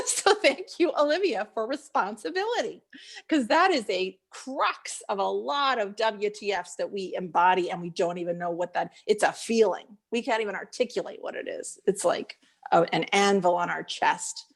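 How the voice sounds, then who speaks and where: A woman life coach leading a live group session, talking in an animated, searching way and laughing often. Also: medium pitch, normal speed, vocal fry.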